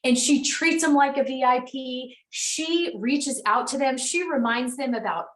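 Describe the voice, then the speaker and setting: A woman's voice: sits high, measured pace, fairly bright tone. A woman in her thirties, a sales team leader giving a frank, chatty and encouraging motivational talk on a team call. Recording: roomy echo, distant from mic.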